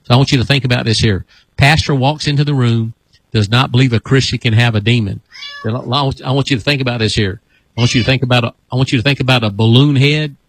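A man's voice: medium pitch, fairly bright tone, breathy edge, dry recording, poor audio. A man preaching as a deliverance minister on a broadcast, repeating commands for spirits to come out in a folksy, rambling way. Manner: repetitive commanding exorcism chants.

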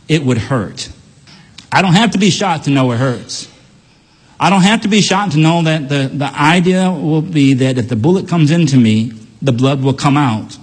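Husky-voiced male preacher in echoey hall. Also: on the high side. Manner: earnest, repetitive emphatic preaching. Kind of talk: sermon.

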